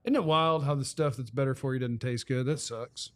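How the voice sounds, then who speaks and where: A man's voice: medium pitch, a little fast, no room sound. A man co-hosting a podcast in casual chat, joking dryly and arguing points. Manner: dry, joking, argumentative. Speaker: podcast co-host.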